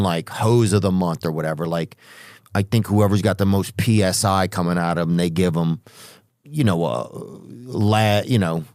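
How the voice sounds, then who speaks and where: Rambling lower-voiced man telling stories. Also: darkish tone, dry recording, clean studio sound. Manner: rambling, with trailing restarts and asides. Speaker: podcast host. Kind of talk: comedic storytelling monologue.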